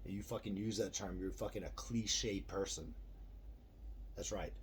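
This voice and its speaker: Brief: middle-aged male vlogger, low-pitched, cursing and rambling, faint hiss behind. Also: measured pace. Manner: profane, ranting, self-deprecating. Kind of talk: rambling opinion monologue.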